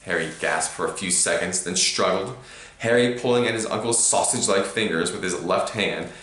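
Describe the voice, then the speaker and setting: A man reading a storybook aloud to a child, with animated emphasis. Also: low-pitched, normal speed. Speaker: reader to a child. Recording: roomy echo.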